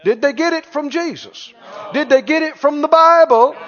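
High-voiced, animated male preacher. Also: normal speed. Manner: animated, emphatic, repeats key lines. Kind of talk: sermon. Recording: long church reverb, dull lo-fi sound.

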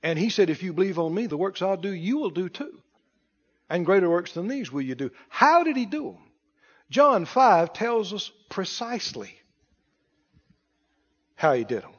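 A man preaching a sermon in call-and-response style, building to shouted emphasis. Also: high voice, very animated, normal speed, pauses often, husky, in a large hall, muffled recording. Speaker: pastor.

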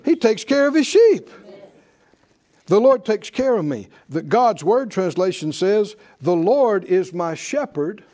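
A man's voice: high voice, big pitch swings, measured pace, mellow. A man preaching a sermon to a congregation, calling out questions and repeating key phrases for emphasis. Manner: call-and-response preaching, emphatic repetition. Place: church with congregation.

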